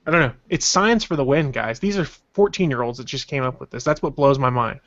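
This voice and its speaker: A man's voice: mid-range voice, brisk, dull audio, slight background noise. A man hosting a casual podcast, loosely reading out news and chat messages. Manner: relaxed, rambling, reads out news and chat messages. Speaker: podcast host.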